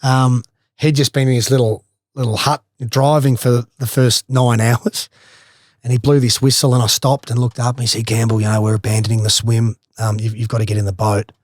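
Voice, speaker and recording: A man's voice: mid-range voice, a little fast, no room sound, studio quality. Swearing Australian man telling a story. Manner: animated, swears freely, laughs through stories. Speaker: guest, former footballer. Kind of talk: casual storytelling.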